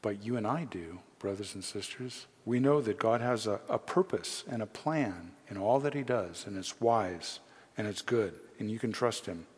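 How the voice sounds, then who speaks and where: A man's voice: on the low side, animated, moderate pace, husky. Earnest male preacher in a reverberant hall. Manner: earnest preaching with rising emphasis on key phrases. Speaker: pastor. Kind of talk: sermon.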